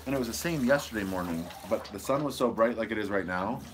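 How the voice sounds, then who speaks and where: A man with a fairly low voice chatting loosely on a live stream, goofy and rambling as he answers viewers one by one. He is recorded outdoors on a lapel mic, and a clear layer of outdoor noise runs under his voice. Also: lively intonation, fast talker. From Michigan. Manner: goofy, rambling, reads viewer comments aloud. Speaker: homesteading channel host. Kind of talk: casual live stream chat. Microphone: wireless lapel mic.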